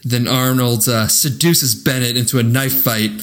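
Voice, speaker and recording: A man's voice: medium pitch, fairly even intonation, moderate pace, fairly bright tone. A man co-hosting a podcast, recapping a film plot in a casual, laughing, profane way. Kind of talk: casual chat.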